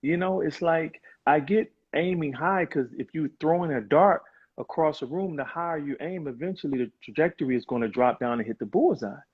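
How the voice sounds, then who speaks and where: Guy on a video call, kinda husky voice, earnest and reflective, muffled lo-fi sound. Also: fairly high pitch, a little fast. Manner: earnest, reflective, with many fillers. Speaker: guest on a live video chat. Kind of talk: casual conversation.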